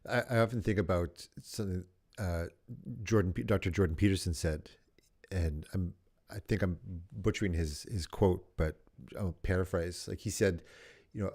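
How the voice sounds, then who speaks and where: A man co-hosting a podcast, with a low voice. He speaks in a reflective, measured way and pauses often. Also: darkish tone. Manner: reflective, paraphrasing slowly with pauses. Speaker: podcast co-host. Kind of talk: casual podcast chat.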